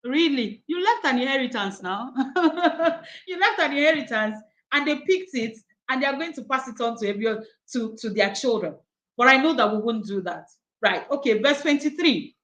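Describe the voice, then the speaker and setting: Middle-aged woman, high voice, study-group coach, playful and animated, echoey room. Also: moderate pace. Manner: animated, acts out quoted voices, laughs often. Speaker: coach leading a daily wisdom study. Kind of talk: teaching talk on Proverbs.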